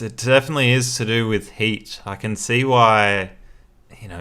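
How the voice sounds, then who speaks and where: A man's voice: lowish voice, a bit bright. A man hosting a casual livestream, chatty, thinking aloud and laughing often as he plays word games. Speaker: streamer and host.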